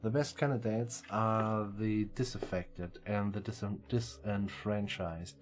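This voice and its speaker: A man's voice: fairly low pitch, fairly even intonation, takes it slowly. A man reading as a lecturing elf mage. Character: ancient sly male elf mage.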